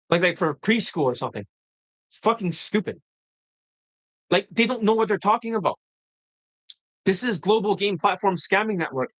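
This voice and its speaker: A man's voice: high-pitched, rough recording. A man hosting a dating-coach livestream, talking off the cuff in a blunt, profane, combative way that keeps flaring into heated outbursts. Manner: excitable, rising into heated outbursts. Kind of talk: unscripted livestream rant.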